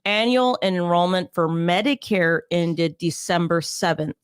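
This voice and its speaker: A woman's voice: on the low side, a little slow, clean tone, no room sound, studio quality. A woman hosting a casual live-stream talk show, bubbly, laughing often and repeating her phrases. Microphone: desk mic on a live stream.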